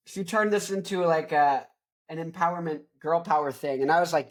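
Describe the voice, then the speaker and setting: A young man hosting a rock show, joking and rambling loudly, with crude asides. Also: fairly high pitch, normal speed. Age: young adult. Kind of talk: rambling comedic music talk.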